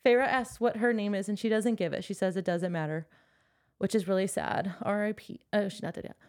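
A woman's voice: mid-range voice, steady tone, a little fast, a little mellow. A young woman co-hosting a casual book podcast, retelling the story with laughs and playful swearing. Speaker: podcast co-host.

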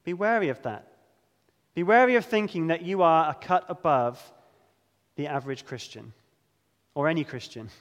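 A man preaching a sermon, earnest and emphatic, slowing down to stress key words. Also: on the high side, expressive, in a large hall.

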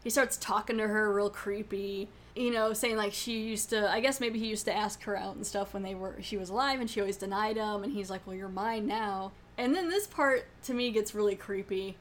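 A woman hosting a podcast, recapping a horror episode in an animated, chatty way, laughing and acting out the characters' lines. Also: medium pitch, fairly quick, hardly any pauses, slight background noise. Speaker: podcast host.

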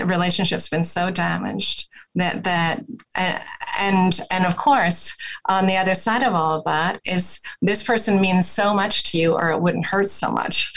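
A woman therapist talks through how she works with couples, slipping into gentle, soothing phrasing as she demonstrates. Her voice sits a little low, and she often restarts her sentences as she thinks. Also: poor audio. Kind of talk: explaining therapy techniques in a podcast interview.

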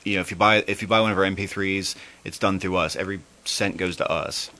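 A man's voice: deep voice, steady tone, fast, pushed and bright, a little hiss or hum. A man guesting on a radio show as a band member, earnest and trailing off with ums. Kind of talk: casual interview chat.

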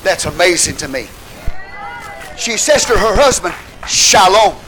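A man preaching a sermon with fervor, rising at times to shouts and calling out hallelujah to the congregation. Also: sits high, sing-song, normal speed, slight background noise, low-quality recording. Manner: calls out hallelujah, asks the congregation questions.

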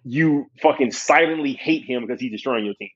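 A young man hosting a podcast, chatting casually with a guest, animated and swearing freely. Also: medium pitch, fairly quick, breathy edge, highs cut off. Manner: animated, swearing, laughing often. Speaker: podcast host. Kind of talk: casual chat.

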